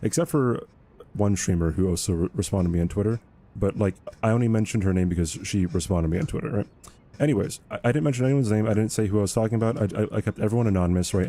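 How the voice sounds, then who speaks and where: A man's voice: lowish voice, dark tone. A young man streaming a game, chatting casually and rambling, repeating words and ending points with "right?". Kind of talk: casual livestream chat while gaming.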